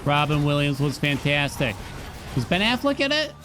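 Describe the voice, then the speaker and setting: A man's voice: fairly high pitch, big pitch swings, moderate pace, noisy background. A man casually commenting on his gameplay as a streamer, chatting to viewers and humming along. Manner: laid-back, chatty, addresses chat, hums along. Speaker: game streamer.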